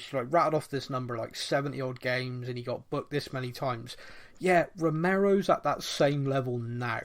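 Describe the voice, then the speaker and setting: A man co-hosting a casual podcast chat, animated and laughing, slipping into quick mock voices. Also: medium pitch. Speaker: podcast co-host.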